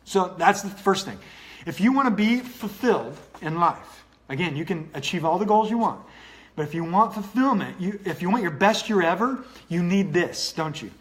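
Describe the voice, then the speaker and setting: A man with a rather high voice leads a motivational livestream. He talks earnestly and repeats himself, stopping to greet viewers by name as he goes. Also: animated, normal speed. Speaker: online coach.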